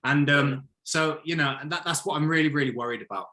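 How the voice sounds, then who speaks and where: A man giving his opinions in a casual football chat, animated and blunt, often acting out what others might say. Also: a little high, fast. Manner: opinionated, animated, mock-quotes others in put-on voices. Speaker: podcast co-host, football fan.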